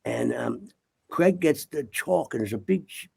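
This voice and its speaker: A man's voice: mid-range voice, animated, unhurried, vocal fry, darkish tone, slightly rough. An older man, a guest, telling rambling, profane stories in casual talk and punctuating them with "okay?". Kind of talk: casual storytelling.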